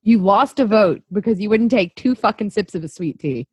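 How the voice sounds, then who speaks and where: A woman's voice: medium pitch, animated, normal speed, a little mellow, breathy edge, no echo. A woman co-hosting a podcast, blunt and wry, swearing and filling her talk with "like" and "you know". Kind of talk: casual podcast chat.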